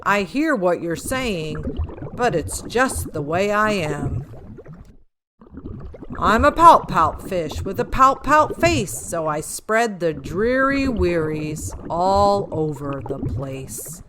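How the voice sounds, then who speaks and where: A sulky, gloomy male fish from a storybook , played by a woman reading aloud. He moans his lines in a slow, mopey sing-song. Steady background hiss sits under the voice. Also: fairly low pitch. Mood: glum.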